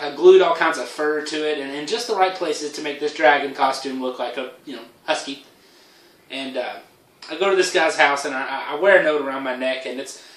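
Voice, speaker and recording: A man's voice: on the high side, fairly bright tone. A man telling an absurd comic story in a rambling way, with lots of stammered restarts and casual swearing. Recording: echoey room, voice from far off.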